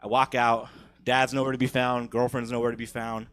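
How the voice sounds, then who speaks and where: A young man spins a crude story for a live comedy crowd. He swears freely and laughs at his own lines. His voice is bright and forceful. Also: mid-range voice, level tone, fairly quick, clear, resonant tone. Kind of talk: profane stand-up storytelling. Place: live comedy theater stage.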